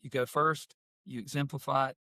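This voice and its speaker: Middle-aged man, folksy interview guest; medium pitch, dry studio sound. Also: little pitch movement, normal speed, sharp tone, dry recording. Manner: folksy, with homespun phrases. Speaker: guest, workplace culture consultant and author. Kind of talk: casual interview talk and storytelling.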